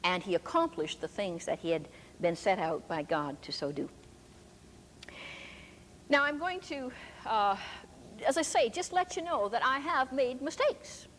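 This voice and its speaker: A woman's voice: on the high side, big pitch swings, unhurried, long pauses, a bit bright. An older woman preaching a sermon, telling stories emphatically. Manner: emphatic storytelling. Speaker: preacher and teacher. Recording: echoey hall with faint background noise.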